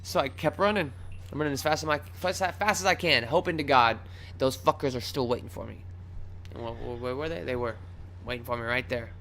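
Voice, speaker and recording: A young man casually telling a wild personal story on his vlog, swearing freely, rambling, and acting out his own shouts. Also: medium pitch, fairly quick, a little hiss or hum. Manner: loose and profane, acts out his own shouts.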